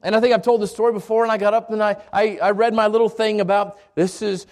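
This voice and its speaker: A man's voice: high-pitched, level tone, fast, darkish tone. A middle-aged male pastor telling a personal story in a sermon, with frequent restarts and repeated words. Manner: storytelling with many restarts and stammers.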